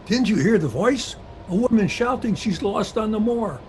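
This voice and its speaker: Man playing a gentleman traveler, well-spoken, skeptical, higher voice, radio drama. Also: lively intonation, normal speed, slight background noise. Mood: alarmed. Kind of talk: 1930s-style radio drama acting.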